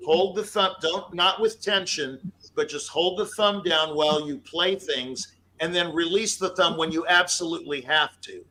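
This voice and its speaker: Man, pianist on an audition panel, high-ish bright voice, emphatic coaching with scatted melodies. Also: normal speed, few pauses, low-quality recording. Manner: emphatic, scats melodies aloud. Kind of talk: spoken feedback to a performer.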